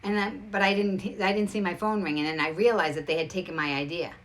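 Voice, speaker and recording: Female host, low-pitched, rapid and emphatic, storytelling to camera. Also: fairly even intonation. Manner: rapid, emphatic, restarts a lot. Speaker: show host.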